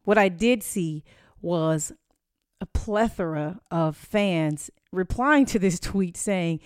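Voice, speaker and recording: A woman's voice: fairly low pitch, lively intonation, takes it slowly, a little mellow, smooth, dry recording, studio quality. A young woman in a candid interview, blunt and outspoken, swearing freely and laughing often. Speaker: interview guest.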